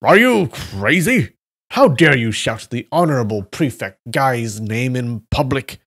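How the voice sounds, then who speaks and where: A man voicing a blustering officer in a live story reading, shouting and demanding. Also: mid-range voice, lively intonation, unhurried. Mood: barking. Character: gruff male officer, blustering and bossy.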